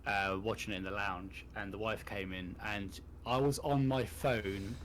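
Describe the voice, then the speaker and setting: A man's voice: lowish voice, fairly even intonation, unhurried, a bit bright, a little hiss or hum, poor audio. A man chatting casually on a podcast about a TV show, frank and freely swearing. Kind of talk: casual TV discussion chat.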